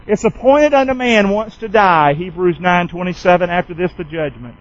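A man's voice: high voice, moderate pace, highs cut off. A man pastor preaching a sermon in a folksy, call-and-response way, firing questions at the congregation.

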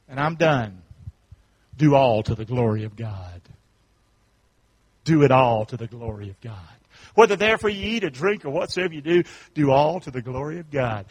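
A man pastor preaching a sermon, calling out to his congregation and swinging from quiet asides to shouts. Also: medium pitch, animated, normal speed, long pauses, husky. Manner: call-and-response preaching, swings from hushed to shouting. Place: church sanctuary.

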